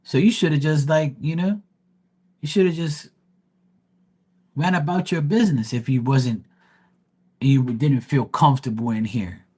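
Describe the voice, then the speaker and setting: A man's voice: a little high, unhurried, pauses often, breathy edge. Blunt, heated man ranting on a livestream. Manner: blunt, heated, swearing, animated storytelling. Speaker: live tarot reader.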